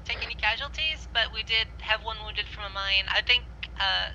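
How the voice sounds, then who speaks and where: A woman in a gaming squad giving brisk, procedural reports. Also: a little high, pushed and bright, dull audio, slight background noise. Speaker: squad member in the game. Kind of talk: radio-style squad talk.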